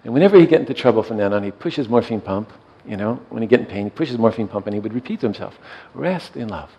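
A man speaking as a meditation teacher in a gentle, soft-spoken way, often letting his voice trail off quietly as he tells a reflective story. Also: on the low side, racing, low-quality recording.

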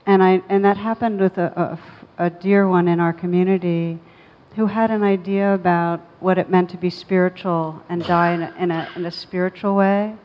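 A lower-pitched woman speaks thoughtfully as a meditation teacher, leaning slowly into important words. Her voice carries a long reverb and sounds somewhat muffled and lo-fi. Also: fairly even intonation. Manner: thoughtful, measured, slows on key words. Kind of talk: reflective storytelling talk. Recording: dull audio with long reverb.

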